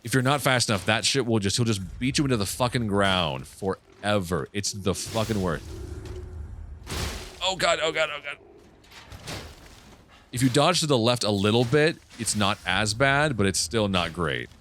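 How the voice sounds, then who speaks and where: A deep-voiced man hosts a casual let's-play, cursing freely and yelping at the game. His pitch jumps around a lot. A faint background hum sits under the voice. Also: animated, normal speed, few pauses. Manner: swears often, reacts loudly to the game. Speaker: gaming channel host.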